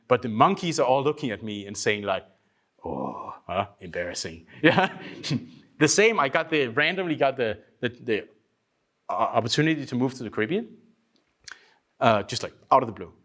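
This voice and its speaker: A man from Denmark giving a workshop talk, telling lively stories, acting out other people's voices and swearing casually. He says he is short on sleep. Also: medium pitch. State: tired from lack of sleep. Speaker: workshop speaker.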